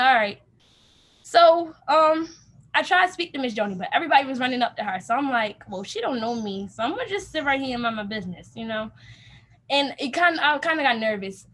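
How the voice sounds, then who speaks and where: A young adult woman with a high, bright-sounding voice tells a casual personal story. She talks in an animated, chatty way and slips into different voices to act out the quoted lines. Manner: animated, acts out quoted dialogue with laughs. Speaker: youth program participant.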